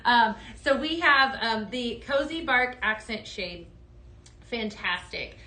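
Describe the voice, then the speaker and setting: A woman's voice: on the high side, lively intonation, slow, bright, forceful tone, echoey room. A woman hosting a live home-decor sales stream, gushing over products in an upbeat way and talking straight to viewers. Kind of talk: live product demo chat.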